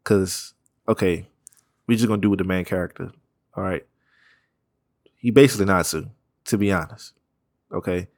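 Deep-voiced man, loose slangy chat. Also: no room sound, studio quality. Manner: loose, rambling, profane slang, quick laughs. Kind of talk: casual chat.

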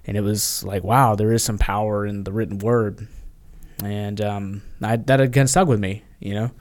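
A man's voice: fairly low pitch, fairly even intonation, normal speed, a little mellow. A man, a podcast guest, telling stories in casual chat and acting out quoted voices, with many fillers.

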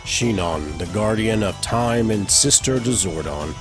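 Male trailer narrator, very deep, dramatic, over guitar. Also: a little slow. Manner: dramatic, announcing. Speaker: intro narrator.

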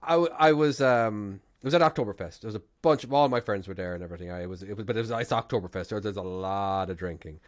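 A man's voice: lowish voice, quick pace, hardly any pauses. A man with an Irish accent, a podcast co-host, chatting casually and telling rambling stories with frequent laughter. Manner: rambling storyteller, laughs often. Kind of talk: casual chat.

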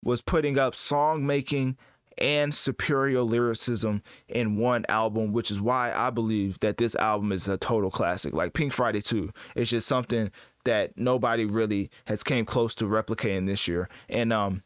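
A man giving casual commentary as host, rambling and correcting himself in relaxed slang. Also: lowish voice, moderate pace, clean tone, no echo. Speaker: host ranking rappers.

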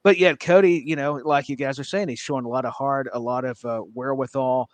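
A man's voice: mid-range voice, fairly even intonation, brisk, dry recording. A man co-hosting a wrestling podcast, talking at length with enthusiasm, full of fillers and repeated words. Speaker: podcast co-host. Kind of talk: casual wrestling chat.

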